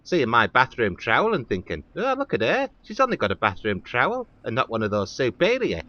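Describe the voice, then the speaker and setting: A man's voice: wildly swooping pitch, a little fast, sharp tone. A man voicing a gossipy middle-aged Northern English housewife in a comedy sketch, chatty and fussy, with a Northern English accent. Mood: fretting. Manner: chatty, fussy, squeaky high exclamations. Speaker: comic puppet performer. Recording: dull lo-fi recording.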